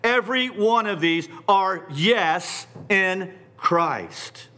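Male preacher, fairly high voice, unhurried, emphatic sermon delivery. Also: expressive, bright, forceful tone. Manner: deliberate, emphatic, repeating phrases for stress.

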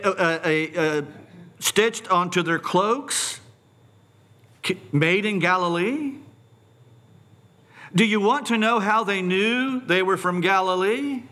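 A middle-aged man preaching a sermon, posing animated rhetorical questions and stumbling over repeated words when excited. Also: high-pitched. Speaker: pastor.

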